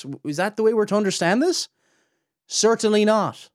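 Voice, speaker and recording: Guy preaching-style teaching, kinda high voice, gets emphatic fast. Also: expressive, dry recording, studio quality. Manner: emphatic, earnest, rises sharply when pressing a point. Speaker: podcast host and Bible teacher. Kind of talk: theological teaching talk.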